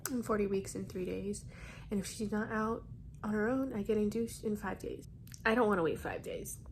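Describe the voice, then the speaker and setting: Filming herself on her phone, a young woman deep into pregnancy talks bluntly, curses, and pushes through crying and contractions, first at home and then at a hospital, in a casual video-diary style. She speaks at a normal speed in a medium pitch with a steady tone, over slight background noise.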